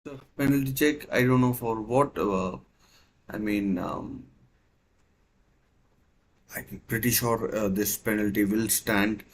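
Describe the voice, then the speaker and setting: Slow, hesitant man hosting a watchalong. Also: on the low side, fairly even intonation, a little hiss or hum, low-quality recording. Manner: hesitant, filler-heavy, many uh and and. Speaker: watchalong host. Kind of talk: live match commentary watchalong.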